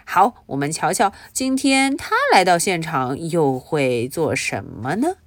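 A woman's voice: low voice, unhurried, hardly any pauses, no echo. A woman teaching through a storybook, reading aloud and explaining it, often asking her listeners questions. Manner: expressive, asks listeners questions.

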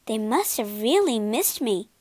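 A woman's voice: on the high side, sing-song, measured pace, darkish tone. A woman voicing a kind, devoted young heroine who talks in an earnest, heartfelt way.

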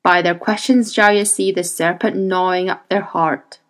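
A woman's voice: lowish voice, fairly even intonation, normal speed, natural voice. A woman voicing a fanatical, dying male zealot in an audiobook, speaking harshly and solemnly. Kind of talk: audiobook character reading.

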